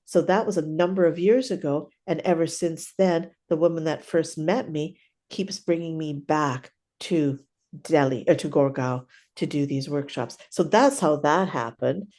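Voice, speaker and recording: Older lady w a low voice, clown teacher, chatty storytelling, lots of "right?". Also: measured pace. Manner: animated, chatty, keeps adding "right?". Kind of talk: casual storytelling interview.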